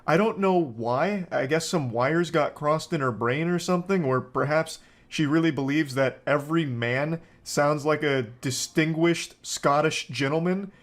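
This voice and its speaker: A man giving reaction commentary on a video with dry, sarcastic asides. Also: on the high side. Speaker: commentary host.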